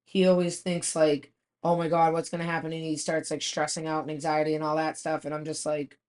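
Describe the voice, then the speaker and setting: Co-host, low-pitched, blunt and matter-of-fact, casual swearing. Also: female voice, level tone, a little fast, a little mellow. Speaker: podcast co-host. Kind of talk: casual chat.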